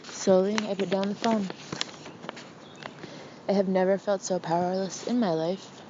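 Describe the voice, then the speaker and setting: A woman narrating an audiobook in the first person, with an expressive, intimate, anxious delivery. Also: mid-range voice, a little slow, muffled recording, background noise.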